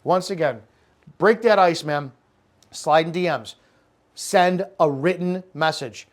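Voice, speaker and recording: A middle-aged man with a slightly high voice coaching salespeople in blunt, profane, unscripted talk. He acts out sales calls in character to show how to speak to prospects. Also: takes it slowly. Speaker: network marketing sales coach.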